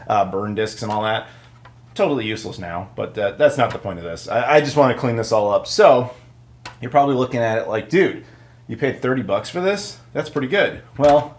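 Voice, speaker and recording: A man hosting a casual how-to video, talking in a chatty, informal way with lots of asides. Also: mid-range voice. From United States. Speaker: YouTube host.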